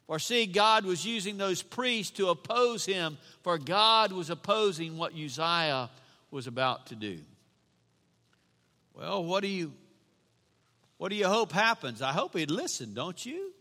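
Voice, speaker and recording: A man's voice: high voice, very animated, measured pace, pushed and bright. A man preaching a sermon as a pastor, emphatic, repeating his lines and asking the congregation questions. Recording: long reverb of a hall.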